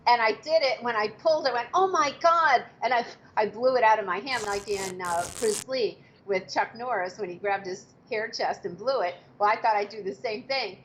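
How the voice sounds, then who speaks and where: A woman in her fifties casually telling behind-the-scenes stories from her film work, acting out quotes with sudden high exclamations. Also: normal speed, few pauses. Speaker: martial arts actress telling set stories. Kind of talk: casual storytelling interview. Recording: slightly dull audio with faint background noise.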